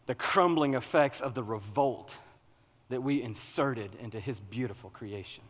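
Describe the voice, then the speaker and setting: A man preaching a sermon, animated and humorous, working up to loud, excited preaching. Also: mid-range voice, normal speed, in a large hall. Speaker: pastor.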